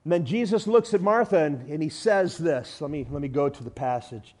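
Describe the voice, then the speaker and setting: A man preaching a sermon with emphatic delivery, swinging from loud declarations to hushed lines, with everyday illustrations and humor. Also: on the high side, animated, fairly quick.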